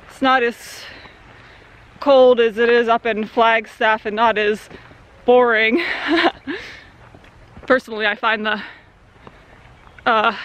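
Vlogging outdoors at a creek swimming hole, this young Central Arizona woman rambles in a relaxed, casual way, with plenty of filler words. Her voice runs on the high side and sounds fairly bright.

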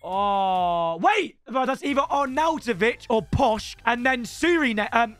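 A young Englishman commentating his football video game with energetic, shouty, slangy banter aimed at his viewers. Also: very high-pitched, unhurried, clean tone, faint music behind. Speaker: gaming YouTuber. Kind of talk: excited gameplay commentary.

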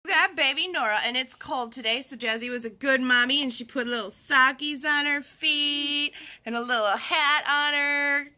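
A woman in her thirties, a mother and vlogger, gushing and gasping with excitement as she opens a gift package at home. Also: high-pitched, moderate pace. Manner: gushing, gasping, says "oh my gosh" often. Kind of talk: excited unboxing chat.

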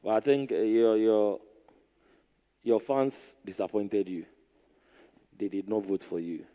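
A man serving as competition judge, speaking hesitantly with halting repeats. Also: lowish voice, steady tone, dark tone.

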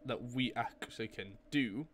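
Young male gamer, casual commentary, quick to curse. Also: mid-range voice, a bit bright, a little hiss or hum. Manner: jumpy, swearing, exclaiming. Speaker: gameplay host.

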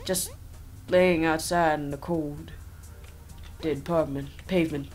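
A woman's voice: deep voice, steady tone, unhurried, long pauses, darkish tone, faint music behind. A woman giving rambling, jokey commentary on a game as she plays, with sarcastic asides, over a desk microphone. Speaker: gameplay commentator. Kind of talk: playthrough commentary. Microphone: own desk microphone.

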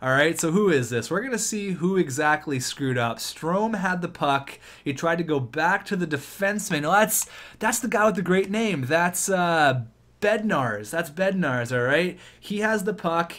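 A man giving excitable gameplay commentary on a hockey video game, shouting at the big plays. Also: a little high, moderate pace. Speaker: gaming YouTuber.

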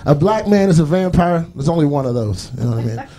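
A man's voice: on the high side, animated, quick pace, dark tone. Rambling male stand-up comic. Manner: loose, rambling, acts out voices. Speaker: stand-up comedian. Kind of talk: stand-up comedy set. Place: comedy stage before a live audience.

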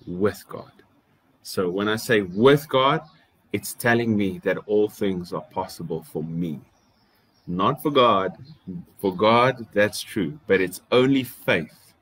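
A man's voice: deep voice, fairly bright tone. A man with a South African accent preaching a sermon, urging listeners with rhetorical questions and repeated phrases.

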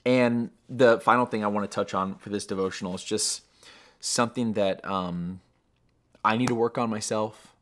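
A man's voice: on the low side, steady tone, normal speed, a bit bright. A man hosting a daily devotional podcast, speaking in an earnest, reflective way that turns emotional at times.

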